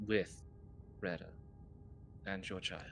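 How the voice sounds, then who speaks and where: A man plays his character in a tabletop game, blunt and quick to swear. His voice is very deep, with a faint hiss of noise behind. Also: fairly even intonation. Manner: blunt and profane. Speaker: player. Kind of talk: tabletop role-play in character.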